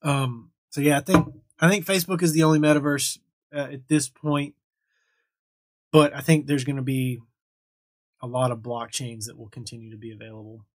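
A man's voice: mid-range voice, steady tone, moderate pace, pauses often, dry recording. A young man casually hosting a livestream, chatting loosely and thanking viewers as he reads their comments. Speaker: livestream host answering chat. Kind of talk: casual live chat.

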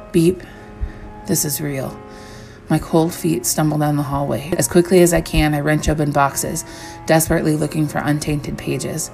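A woman with a low, gravelly voice reads a first-person horror story in a measured way. She slows down on the eerie lines while faint music plays underneath. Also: darkish tone. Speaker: story reader.

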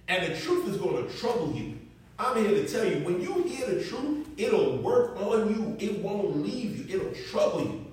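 Emphatic high-voiced preacher in an echoey church. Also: male voice. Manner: emphatic, conversational, addresses the congregation directly. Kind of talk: sermon. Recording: echoey room, mic far off.

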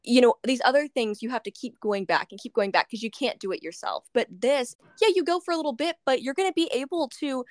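A woman's voice: a little high, quick pace, hardly any pauses, dry recording, studio quality. A woman hosting a podcast interview, chatty and emotional, laughing often as she shares her story. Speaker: podcast host. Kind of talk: casual interview chat.

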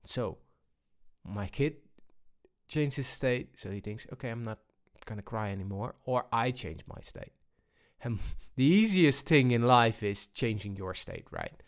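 A man giving a personal talk on balance, unhurried and full of pauses and restarts. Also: medium pitch, huge pitch swings. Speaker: speaker on balance.

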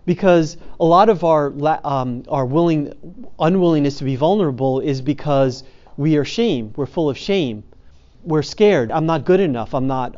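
A man's voice: fairly high pitch, mellow, lo-fi sound. A man giving an earnest spiritual talk to men's groups as a podcast host, often repeating phrases for emphasis. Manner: reads quotes aloud.

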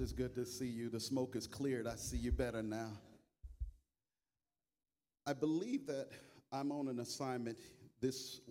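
A bishop preaching to a church congregation, singing worship lines and leading the room in call and response. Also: male voice, warm tone. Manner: sings with long drawn-out high notes. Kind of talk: worship singing then sermon. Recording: live church mic with music behind.

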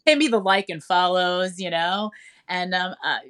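A woman's voice: on the low side, normal speed, a bit bright, clear, resonant tone. A woman radio DJ, talking enthusiastically and chattily as an interview guest, with many fillers. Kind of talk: casual interview talk.

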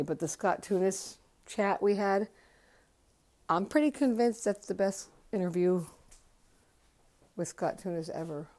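A woman's voice: lowish voice, warm tone. A woman hosting a podcast, rambling late at night at home while doing chores, blunt and emotional, swearing freely. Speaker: podcast host.

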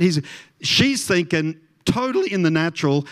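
A man's voice: a little high, expressive, normal speed. A man preaching a sermon in a conversational way, often asking his listeners questions. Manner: conversational, asks the congregation questions. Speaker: pastor.

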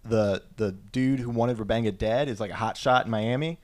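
A man's voice: mid-range voice, normal speed. Rambling man recapping a film. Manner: rambling, full of fillers and "like". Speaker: podcast co-host.

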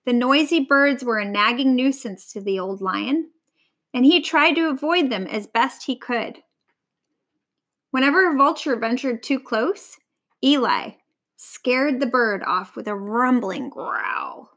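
A woman reading a storybook aloud to a child, in an expressive, lively way. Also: fairly high pitch, unhurried.

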